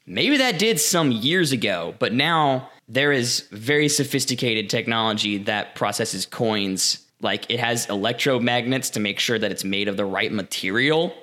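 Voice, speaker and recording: A man's voice: medium pitch, lively intonation, moderate pace, few pauses, bright, forceful tone. A man co-hosting a podcast, explaining things in a chatty, casual way. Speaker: podcast co-host. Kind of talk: casual chat.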